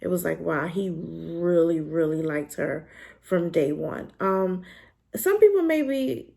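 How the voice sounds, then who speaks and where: Female reviewer, lowish gravelly voice, casual and emphatic delivery. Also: slow pace. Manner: animated, emphatic, colloquial with pitch jumps when worked up. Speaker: drama reviewer.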